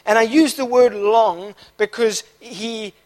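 A young male preacher with a strikingly high voice delivers a sermon at a church service. He moves between soft, low stretches and passionate shouted peaks. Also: steady tone, slow pace. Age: young adult. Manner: impassioned, swinging from quiet to shouting.

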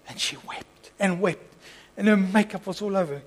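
A man preaching, telling a story and acting out its dialogue, moving between soft asides and loud impassioned peaks. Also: high-pitched, moderate pace, husky, rough recording. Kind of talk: storytelling sermon.

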